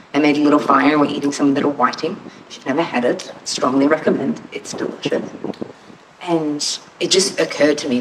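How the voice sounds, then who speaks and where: A woman telling a heartfelt, reflective personal story at a camp gathering, describing her land in vivid detail before singing. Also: deep voice. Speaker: storyteller and singer. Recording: distant mic with faint background noise.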